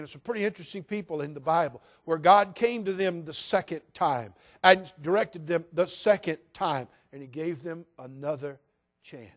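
An older man from California preaching a sermon from the pulpit in a folksy, dramatic storytelling manner. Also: on the high side. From California, USA. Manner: folksy, dramatic, mimics quoted voices in hushed tones.

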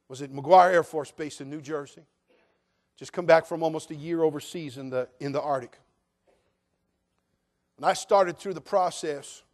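An older man from California, a pastor preaching a sermon in an earnest, direct way and addressing his listeners as friends. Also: on the high side.

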